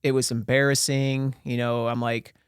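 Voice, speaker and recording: A man's voice: medium pitch, flat delivery, normal speed, smooth, no room sound, clean studio sound. Candid, joking man from Pennsylvania. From small town in Pennsylvania. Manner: candid, joking, self-deprecating storyteller. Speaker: podcast guest. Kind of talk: casual storytelling interview.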